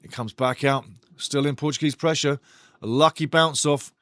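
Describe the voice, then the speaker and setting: A man's voice: a little high, steady tone, normal speed, a bit bright, no echo, studio quality. A man hosting a live match watch-along, commenting on the play and talking passionately to his chat. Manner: passionate, talks straight to chat; ranting, indignant.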